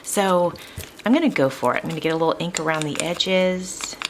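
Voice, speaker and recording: A woman's voice: on the low side, fairly quick, slight background noise, poor audio. A woman hosting a crafting tutorial, chatting in a casual, upbeat way and laughing now and then as she works. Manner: chatty, upbeat, laughs often while working. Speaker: craft video host.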